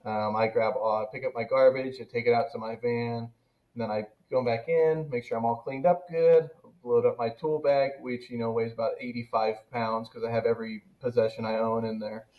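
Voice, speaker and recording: A man casually telling a funny work story on a podcast, animated and laughing as it builds. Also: mid-range voice, normal speed, narrow, tinny audio. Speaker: podcast co-host.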